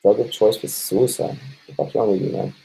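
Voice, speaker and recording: A stoned Australian man hosting a casual live stream. His voice sits a little low, and his talk is loose and unhurried. He swears freely and laughs as he reads out viewer comments. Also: fairly even intonation, mellow, poor audio. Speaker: live-stream host reading viewer chat.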